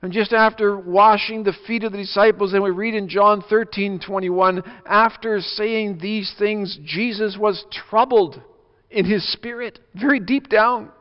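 Slow, earnest preaching man in a reverberant hall. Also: sits high, fairly even intonation, smooth. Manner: earnest, emphatic preaching with wide swings in loudness. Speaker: pastor. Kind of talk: sermon. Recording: dull lo-fi audio with long reverb.

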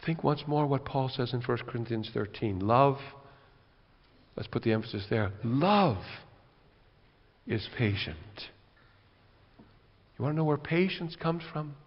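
A man preaching a sermon, swinging between loud rhetorical questions and quiet, earnest passages. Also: medium pitch, normal speed. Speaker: pastor. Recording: dull lo-fi recording with long hall reverb.

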